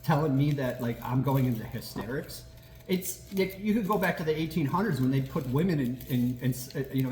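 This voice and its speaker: A man hosting a casual political chat, animated and quick to laugh, swearing and acting out quotes as he talks. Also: mid-range voice, echoey room, slight background noise. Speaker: podcast host.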